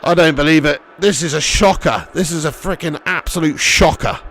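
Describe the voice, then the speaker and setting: A young man live-streaming a football game, commentating excitably, swearing freely and chatting with viewers. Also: fairly high pitch, normal speed, slight background noise.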